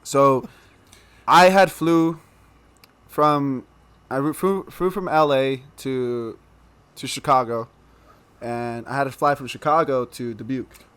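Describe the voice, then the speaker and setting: A young man telling a story as a podcast guest in a casual, animated way, laughing through the funny parts. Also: mid-range voice, takes it slowly, pauses often, clear, resonant tone, no echo.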